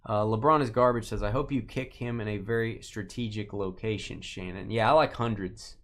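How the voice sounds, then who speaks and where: A man's voice: lowish voice, fairly even intonation, moderate pace, a bit bright. A man hosting a live sports card break, joking with viewers by name and stretching out player names as he calls each card. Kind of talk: casual live-stream commentary.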